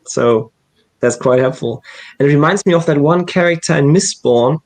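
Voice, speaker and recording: A man as a guest in a casual book discussion, explaining his view in a measured way. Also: fairly high pitch, low-quality recording.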